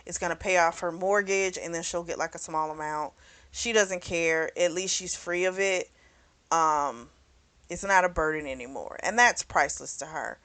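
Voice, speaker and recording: A woman's voice: fairly low pitch, moderate pace, a bit bright. A woman vlogger recapping a novel in a loose, chatty way, full of "you know" and "like", with the odd curse word. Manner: chatty, loose and frank, with frequent "you know" and "like" and some cursing. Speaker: book club vlogger. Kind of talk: casual spoken book recap.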